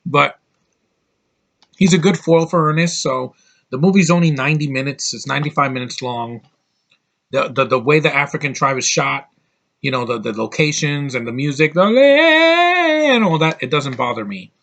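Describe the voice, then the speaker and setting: Rambling male movie reviewer, bright tone. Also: fairly high pitch, expressive, normal speed. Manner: rambling, full of fillers and restarts.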